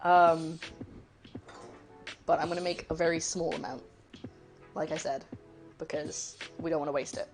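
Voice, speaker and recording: A woman's voice: low-pitched, steady tone, normal speed, long pauses, music in the background. A woman hosting a cooking livestream, chatting casually and rambling, laughing easily as she greets her chat.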